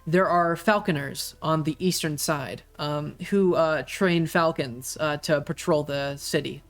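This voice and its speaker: A game master narrating a tabletop game, halting often with uhs and ums. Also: medium pitch, faint music behind. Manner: halting, filled with many uhs.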